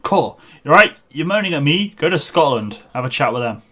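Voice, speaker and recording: A man's voice: fairly high pitch, big pitch swings, a little fast, sharp tone. A man streaming a game, chatting casually in a rambling way and laughing at his own stories. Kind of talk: casual chat while gaming.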